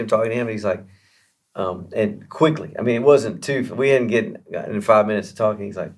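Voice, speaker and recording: A man being interviewed as a guest musician, telling a long story in a chatty, animated way with many fillers and restarts. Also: lowish voice, brisk.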